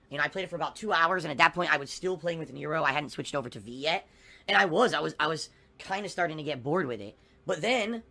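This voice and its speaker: A man's voice: a little high, pushed and bright. A man streaming games, ranting indignantly with lots of swearing and repetition. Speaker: game streamer. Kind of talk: livestream rant.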